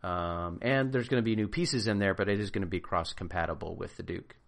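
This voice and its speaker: A man with a somewhat low voice on a casual podcast, explaining patiently. He fills gaps with ums and speaks in a relaxed, unhurried way. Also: gravelly. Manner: explanatory, relaxed, hesitant fillers. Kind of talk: casual chat.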